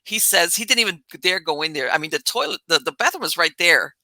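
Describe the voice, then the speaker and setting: A woman podcast host telling a story in a casual, animated way, laughing as she talks. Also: on the low side, fast talker, no echo.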